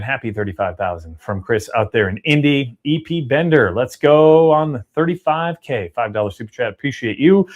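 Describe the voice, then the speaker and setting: A man hosting a casual livestream, chatty and upbeat as he reads out viewer donations and shout-outs. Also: mid-range voice. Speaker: livestream host reading super chats.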